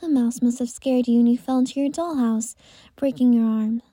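A stern but caring mother scolds her child slowly and firmly, as a woman reads her aloud. The voice is breathy and deeply mellow, and it sounds close and dry. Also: steady tone, no room sound, lightly acted. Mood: scolding.

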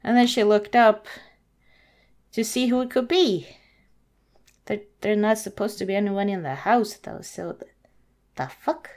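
A woman's voice: mid-range voice, unhurried, long pauses, a little mellow. A woman casually reading a fairy tale aloud, sarcastic and hesitant, swearing and questioning the story's logic as she goes. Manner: hesitant, many fillers and restarts.

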